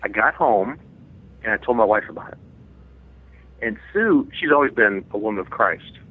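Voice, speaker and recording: A man, the guest author, earnestly telling a personal testimony in an interview, pausing and restarting as he goes. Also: fairly low pitch, animated, slightly rough. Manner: earnest, reflective storytelling with frequent restarts. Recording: phone-like line.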